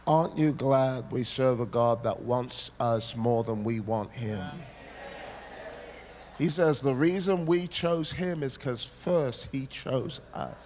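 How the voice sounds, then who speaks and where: A man preaching a sermon, telling a personal story with dramatic, animated delivery. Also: mid-range voice, takes it slowly, a little hiss or hum.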